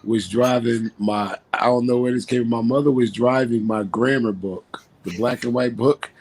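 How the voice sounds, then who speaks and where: Casting: man in his fifties, blunt, joking, mid-low pitch. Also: fairly even intonation, moderate pace, darkish tone. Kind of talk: casual chat.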